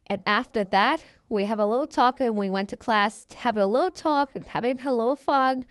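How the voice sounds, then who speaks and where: A woman's voice: a little high, moderate pace, few pauses, dry recording, clean studio sound. A woman telling a fan story in a rambling, profane and ungrammatical way.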